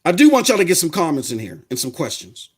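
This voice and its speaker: A man hosting a live-streamed podcast, talking straight to his viewers in an animated rant that often rises to yelling. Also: a little high, fast talker, slightly rough. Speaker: podcast host.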